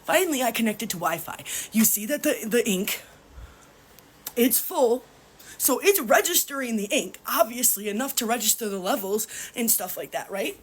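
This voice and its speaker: A woman's voice: a little high, expressive, moderate pace, breathy edge. A woman ranting angrily and swearing, crying as she talks. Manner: furious, swearing, tearful rant. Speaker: vlogger. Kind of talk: angry ranting vlog.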